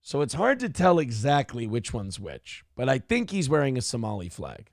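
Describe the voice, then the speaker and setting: A man's voice: medium pitch, wildly swooping pitch, normal speed, gravelly, dry recording, clean studio sound. A man from Minnesota hosting a casual commentary show, ranting sarcastically and swearing freely. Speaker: host.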